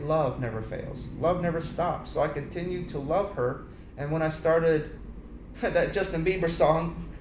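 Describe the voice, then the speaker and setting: Animated man preaching with roomy echo. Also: sits high. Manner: animated storytelling, acts out voices and sings snippets. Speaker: Christian speaker. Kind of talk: preachy personal talk. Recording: roomy echo, faint background noise.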